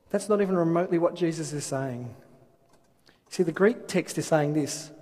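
Guy preaching a sermon, high voice, kinda husky, big hall echo. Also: moderate pace, darkish tone. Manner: expository, rhetorical questions, reads scripture aloud. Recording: long hall reverb.

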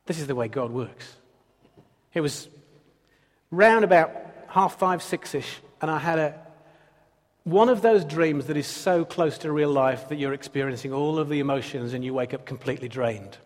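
A man's voice: a little high, normal speed, long reverb tail. A man preaching a sermon as pastor, earnest and building through repeated phrases. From Britain.

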